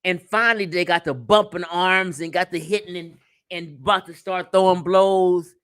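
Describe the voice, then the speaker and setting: A man's voice: sits high, fairly even intonation, normal speed, a bit bright, smooth, dry recording, clean studio sound. A man from the United States hosting a livestream, talking casually and profanely to his viewers, telling stories and laughing often. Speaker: livestream host.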